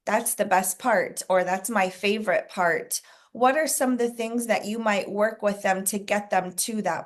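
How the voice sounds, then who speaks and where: Woman coaching a group discussion. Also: mid-range voice. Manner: questioning, explanatory. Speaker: sales coach hosting a training call.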